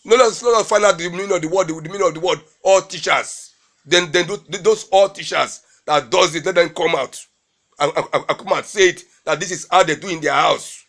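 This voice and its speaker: A man playing an exasperated husband in a comedy skit, mocking his wife in Warri Nigerian Pidgin and hammering phrases with drawn-out emphasis. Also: sits high, fairly bright tone.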